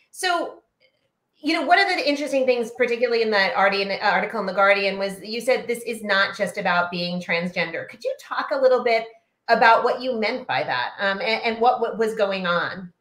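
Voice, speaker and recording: A woman's voice: medium pitch, fairly bright tone. A woman hosting a live interview, asking questions in a conversational way with many fillers. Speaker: host. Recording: roomy echo.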